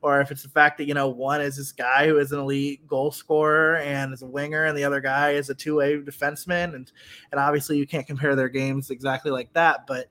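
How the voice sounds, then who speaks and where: A man's voice: medium pitch, flat delivery, brisk, sharp tone. A man co-hosting a podcast in casual chat, talking in a chatty way with frequent restarts. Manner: chatty, lots of restarts and "you know". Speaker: podcast co-host.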